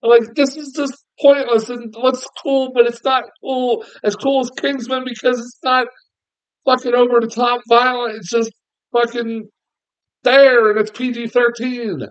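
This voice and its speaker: Guy ranting about a movie, high voice, swears a lot, kinda muffled lo-fi sound. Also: little pitch movement, a little slow, clear, resonant tone. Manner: exasperated, swearing, laughing often. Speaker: film reviewer. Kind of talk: casual ranting review.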